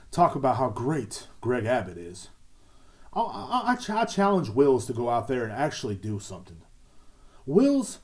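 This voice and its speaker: A man's voice: medium pitch, a little mellow. A young man hosting a solo podcast from home, ranting in a sarcastic, profane, mocking way. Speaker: podcast host. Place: at home, sitting indoors.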